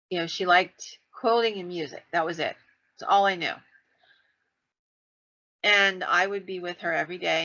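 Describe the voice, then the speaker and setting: With a fairly low, gravelly voice that comes across pushed and bright, a middle-aged podcast co-host spins a long, meandering ghost story. She's chatty and performs the quoted lines herself, all captured in dull, lo-fi audio.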